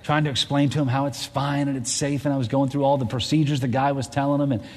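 A man in his forties, a pastor telling a family story in a sermon, animated and full of restarts. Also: medium pitch, fast. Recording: long hall reverb.

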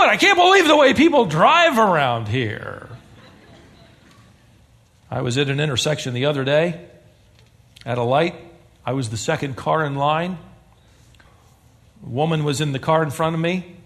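A man's voice: a little high, moderate pace, pauses often. A man preaching a sermon to a church congregation, telling stories with humor. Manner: animated storytelling with humor. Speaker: pastor.

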